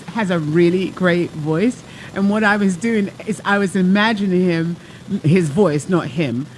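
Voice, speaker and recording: A woman, a life coach, hosting her talk show with a lively, chatty monologue full of asides. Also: fairly low pitch, slight background noise, poor audio.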